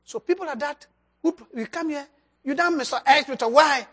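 A preacher giving a sermon and altar call, swinging between loud emphasis and soft drops, with loose grammar. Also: high voice, a little fast. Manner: loose, nonstandard English grammar.

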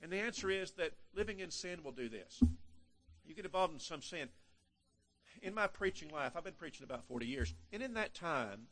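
Older man preaching, loud and hushed. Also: fairly high pitch, expressive, normal speed. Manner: emphatic, swings between loud and hushed, repeats words. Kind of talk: sermon.

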